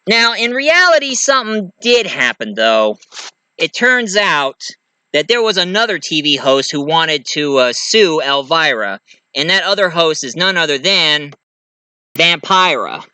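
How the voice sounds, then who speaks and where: A man with a rather high, very bright, sharp voice rambles through a movie's plot in a chatty, expressive review, keeping a measured pace. His grammar is loose and casual, full of fillers. The recording is dry, close, and clean, with no echo or room sound.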